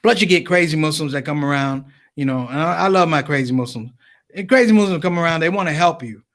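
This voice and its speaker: Middle-aged guy telling funny stories, high voice, punchy and animated. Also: quick pace. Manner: animated, punchy, repeats words for effect. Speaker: speaker. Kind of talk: comic storytelling talk.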